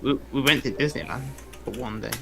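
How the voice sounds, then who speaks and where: A man's voice: medium pitch, a little fast, creaky, fairly bright tone, soft background music. A British man chatting casually, rambling with frequent laughs and restarts. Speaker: gaming companion. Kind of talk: casual chat.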